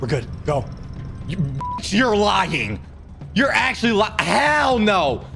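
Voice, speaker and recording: Young man, frantic horror game commentary, high voice, wild swings between screams and mutters. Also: very animated, slow pace, creaky, bright, forceful tone, soft background music. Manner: panicked, screaming and muttering to himself. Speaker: gaming streamer.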